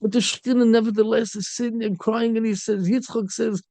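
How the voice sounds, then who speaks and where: A man's voice: sits high, steady tone, brisk, gravelly, mellow, no echo. A middle-aged man, a rabbi, giving a storytelling sermon peppered with Yiddish and Hebrew terms.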